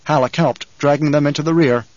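A man reading a story aloud as audiobook narrator, with measured, even delivery. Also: on the high side, no room sound, highs cut off. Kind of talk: scripted narration.

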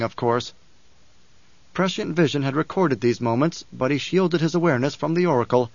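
A man's voice: a little high, no echo. Man reading an audiobook, dull dry sound. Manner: measured, dramatic reading. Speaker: narrator. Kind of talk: audiobook narration.

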